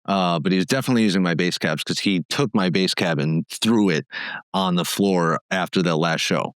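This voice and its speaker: A man's voice: sits low, moderate pace, clean tone, no room sound. A man, a former band musician, telling frank stories casually on a podcast, with lots of fillers and some swearing. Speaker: guest musician. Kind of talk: candid conversational storytelling.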